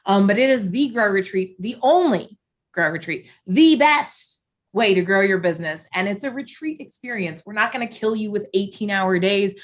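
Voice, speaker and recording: A woman's voice: mid-range voice, lively intonation. Passionate woman guest on a podcast. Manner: passionate, impassioned, rapid. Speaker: podcast guest, event founder. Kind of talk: casual interview chat.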